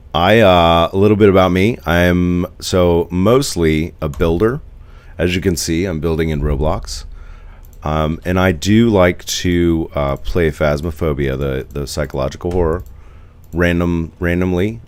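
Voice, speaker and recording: A man's voice: low-pitched, a little mellow, no room sound. A man in his forties from the United States, chatting casually on a live stream, rambling and answering viewer comments.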